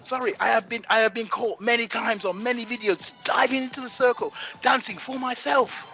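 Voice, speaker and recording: A man in his fifties from England, an event MC talking in a casual interview, hyped and animated. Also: extremely high pitch, fast, muffled recording, faint music behind. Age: 50s. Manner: hyped and animated, swinging into playful voices.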